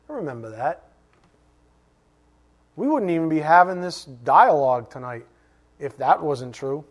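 A middle-aged man preaching a sermon, animated, asking rhetorical questions and dropping suddenly to a hush. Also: a little high, measured pace, long pauses. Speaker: pastor.

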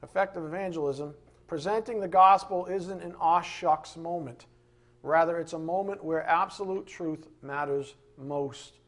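A man's voice: a little high, a little slow, fairly bright tone. A man preaching a sermon in an emphatic style, firing off rhetorical questions.

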